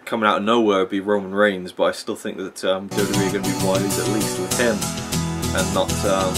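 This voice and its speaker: A man ranting casually about wrestling as he watches a match, opinionated and rambling, with plenty of fillers. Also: sits low. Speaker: wrestling vlogger.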